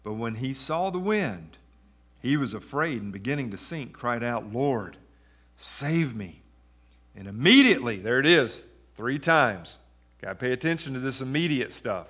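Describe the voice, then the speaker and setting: A man's voice: mid-range voice, animated, moderate pace, a bit bright. A man preaching a sermon in a church, reading scripture and talking through it conversationally with questions to the congregation. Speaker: pastor.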